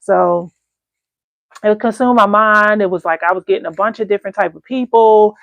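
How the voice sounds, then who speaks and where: Gravelly, chatty woman coach. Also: medium pitch, moderate pace, no room sound. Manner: animated, colloquial and chatty. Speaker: candle-making coach. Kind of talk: casual storytelling to viewers.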